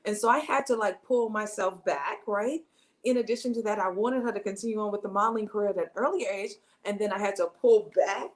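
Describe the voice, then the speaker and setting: A woman's voice: mid-range voice, fairly quick. A woman hosting a talk show, affirming and encouraging, who stresses her points emphatically. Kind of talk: casual talk-show chat.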